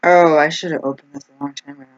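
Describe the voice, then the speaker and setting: A woman's voice: low-pitched, steady tone, quick pace, no echo. A woman vlogger talking casually to camera in a meandering, chatty way, with lots of "like" and restarts. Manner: chatty, meandering, heavy use of "like". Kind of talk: casual rambling monologue. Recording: dull lo-fi with faint noise.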